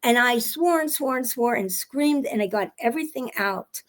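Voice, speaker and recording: Woman, interview guest, handwriting expert, animated storyteller, frequent restarts, fairly high voice. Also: moderate pace. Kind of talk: casual interview chat.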